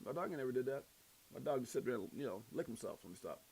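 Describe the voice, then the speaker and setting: A man hosting a crypto livestream in casual chat, loudly shouting out viewers in a slangy, animated way. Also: mid-range voice, very fast, creaky, slight background noise. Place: Las Vegas.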